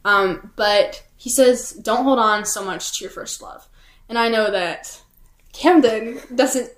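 A woman's voice: on the high side, slow. A teenage woman co-hosting a podcast in casual chat, peppering her talk with "like" and "um". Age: teens. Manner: chatty, heavy use of "like" and "um". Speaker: podcast co-host. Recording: echoey room.

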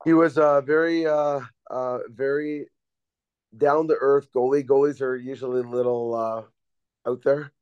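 A man who is a guest on a podcast, telling casual stories in a relaxed, rambling way with many fillers over a video call. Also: medium pitch, measured pace, smooth, no room sound. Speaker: guest, former pro hockey defenseman. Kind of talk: casual storytelling. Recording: dull dry lo-fi recording.

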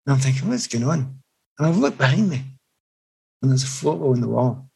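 A man's voice: medium pitch, a little fast, vocal fry, breathy edge, rough recording. A middle-aged man, a former footballer, telling reflective stories in an interview. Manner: reflective, animated anecdotes with restarts. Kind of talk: storytelling in an interview.

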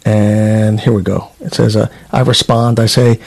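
Man, former trooper, interview guest, reads out emails, chatty, fillers and restarts, mid-pitched voice. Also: lively intonation, measured pace, creaky, hardly any pauses, a little mellow. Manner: conversational, reads out documents, frequent fillers. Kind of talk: interview, reading emails aloud.

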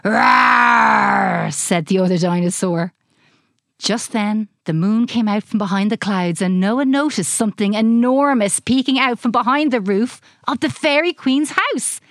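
A woman reading a children's storybook aloud in an expressive, animated way. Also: a little high, moderate pace, few pauses, no room sound, clean studio sound.

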